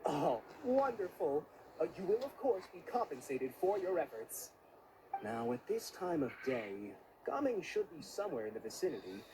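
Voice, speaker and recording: A man's voice: sits high, sing-song, normal speed, noisy background. A man voicing a polite, busy official who speaks courteously with hesitant fillers, in game dialogue.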